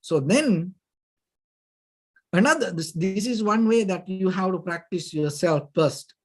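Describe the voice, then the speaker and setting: A man, a Buddhist monk, giving a dhamma talk, halting and searching for words, often saying "you know", with gentle, patient explanation. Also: on the high side. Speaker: Buddhist monk teaching meditation.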